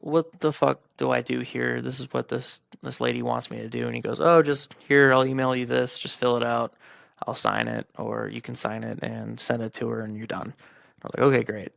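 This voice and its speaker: A man's voice: medium pitch, vocal fry, no room sound. A young man hosting a podcast, frankly telling a personal story, swearing freely and acting out the conversations. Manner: frank and profane, retelling conversations. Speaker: podcast host.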